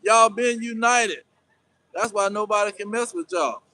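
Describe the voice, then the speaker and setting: A man preaching fiery scripture teaching, reading verses slowly and firing off repeated emphatic commands. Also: high voice, fairly even intonation, pushed and bright, rough recording.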